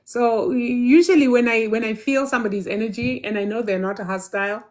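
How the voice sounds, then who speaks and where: A woman hosting a live question and answer stream on spirituality. She talks in a lively way, laughs often, calls viewers by name and answers their questions emphatically. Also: on the high side, a little fast. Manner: reads questions aloud and answers them emphatically.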